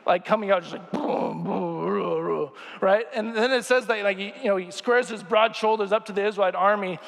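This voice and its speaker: Chatty young preacher in a ringing church. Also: male voice, sits high, moderate pace, gravelly, a bit bright, long reverb tail. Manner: chatty and jokey, asks the crowd questions. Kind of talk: casual sermon. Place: church sanctuary.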